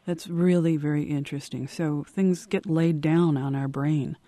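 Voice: medium pitch, fairly even intonation, moderate pace, warm tone, no room sound. An interviewer asking follow-up questions in an affirming, curious way. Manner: affirming, inquisitive.

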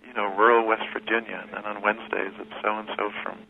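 A man, a guest who teaches history, talking reflectively in an interview, pausing and restarting his sentences often. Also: fairly low pitch, flat delivery, vocal fry. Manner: thoughtful, halting with many restarts and fillers. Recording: tinny phone line with faint hiss.

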